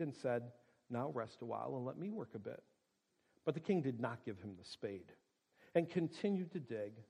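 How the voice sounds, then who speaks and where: A man's voice: medium pitch, darkish tone, rough recording. Man reading a story aloud. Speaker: narrator.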